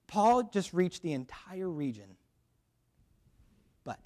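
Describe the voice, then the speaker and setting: A man's voice: sits high, normal speed. A young man giving a chapel sermon at a school, telling a funny personal story before turning to a Bible passage. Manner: lively, joking storyteller. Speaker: chapel speaker.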